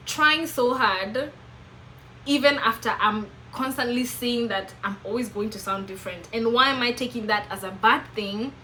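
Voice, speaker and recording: Bright-voiced Kenyan woman vlogging. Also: on the high side, a little hiss or hum, low-quality recording. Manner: earnest, questioning, self-reflective. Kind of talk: reflective personal vlog monologue.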